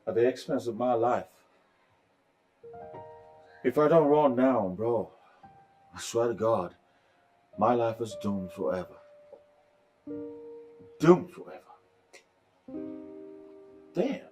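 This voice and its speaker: A man's voice: medium pitch, unhurried, long pauses, lightly acted. An actor playing an easygoing young man raised in the United States, laid-back and often exasperated. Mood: desperate. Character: young man back from abroad, easygoing, caught between women. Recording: echoey room, mic far off, soft music.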